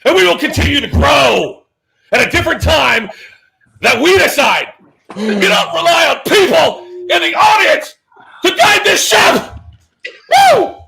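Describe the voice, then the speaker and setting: A brash, boastful wrestling-promo ranter, bellowing and whooping with a gravelly roar. The voice sits very high and strained, with a bright, sharp edge and swooping, animated pitch. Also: male voice, a little slow, exaggerated voice. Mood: triumphant. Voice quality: gravelly shouting. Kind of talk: comic impression rant.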